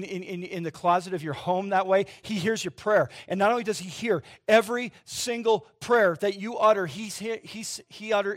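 Conversational man preaching a sermon. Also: high-pitched. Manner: conversational, asks "right?" and "okay?" often, swings from loud to hushed. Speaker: pastor.

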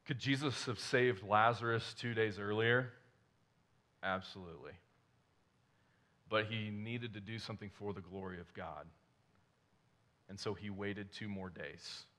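A man's voice: lowish voice, measured pace, pauses often, bright, forceful tone. A male pastor preaching a conversational sermon, asking the congregation rhetorical questions and restarting his sentences as he goes.

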